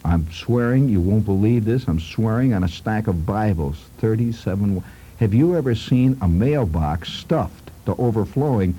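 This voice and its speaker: A man's voice: lowish voice, expressive, normal speed, dark tone, breathy edge, low-quality recording. A man telling a humorous childhood story in a rambling, conversational way with asides to his listeners.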